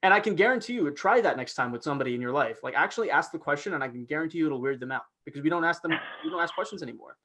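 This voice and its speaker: A man, a guest actor, talking through his process in a casual teaching chat, animated and full of restarts and fillers over a video call. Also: on the high side, very fast, hardly any pauses.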